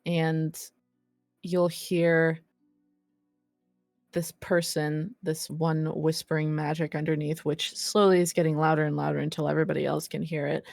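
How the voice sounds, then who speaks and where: A woman narrating as game master of a tabletop role-play, deliberate and unhurried with occasional fillers. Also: deep voice, level tone, vocal fry, darkish tone, no room sound, faint music behind.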